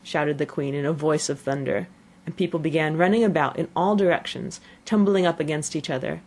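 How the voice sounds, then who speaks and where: Low-voiced woman reading a storybook. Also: a little fast, darkish tone. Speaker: audiobook narrator. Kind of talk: storybook narration.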